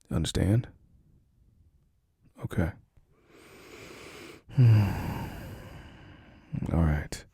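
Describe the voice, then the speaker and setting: A man speaking softly and soothingly as a caring boyfriend in a whispered role-play. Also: low voice, husky, no room sound, clean studio sound. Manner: soft, slow, soothing reassurance.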